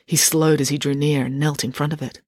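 Author reading aloud, expressive, husky, dry home office. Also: mid-range voice, brisk, no echo. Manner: expressive reading, chatty sign-off. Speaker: author reading own book. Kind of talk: audiobook-style reading. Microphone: home setup.

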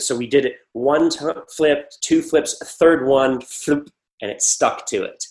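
A man being interviewed about his acting work, talking casually and rambling into lively stories with acted-out quotes. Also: mid-range voice, fairly quick. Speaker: actor guest.

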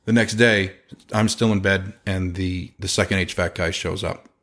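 A man's voice: sits low, moderate pace. A man who runs a chimney company telling a casual story, loose and rambling, with many fillers and restarts. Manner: lively, acts out other people's lines in changed voices.

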